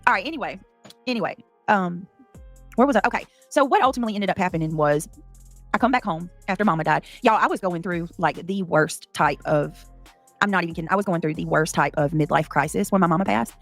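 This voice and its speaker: A woman's voice: on the low side, animated, fast talker, soft background music. A woman in her thirties chatting casually on a livestream, rambling through a personal story, breaking off to react to chat and cussing freely. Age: 30s.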